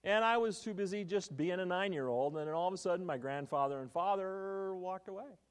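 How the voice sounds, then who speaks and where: A man's voice: high voice, a little fast, clear, resonant tone. A man preaching a sermon as a pastor, telling stories and quizzing his congregation with questions. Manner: animated storytelling, quizzing the congregation.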